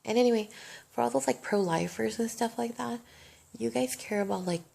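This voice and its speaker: Gravelly young woman telling her story. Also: fairly high pitch, fairly quick, warm tone. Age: young adult. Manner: emotional, rambling, swears freely. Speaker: vlogger. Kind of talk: casual storytime monologue.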